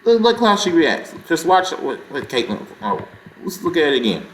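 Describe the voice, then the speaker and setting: A man hosting a sports reaction vlog, talking in an excitable, indignant and rambling way. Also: on the high side, normal speed, roomy sound, a little hiss or hum. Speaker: sports channel host.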